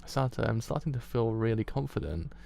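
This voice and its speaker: A man's voice: mid-range voice, expressive, fairly quick, creaky, warm tone, a little hiss or hum. A man with a British accent voicing a young woman who has turned vain and cruel, in a haughty, sneering way. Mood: boastful.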